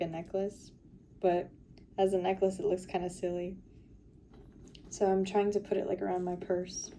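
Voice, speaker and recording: A young woman rambles through a casual confessional vlog, weary and full of fillers. Her voice is very mellow and dark, recorded on a phone camera with faint noise underneath. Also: mid-range voice. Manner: sorting through makeup and purse while talking. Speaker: vlogger.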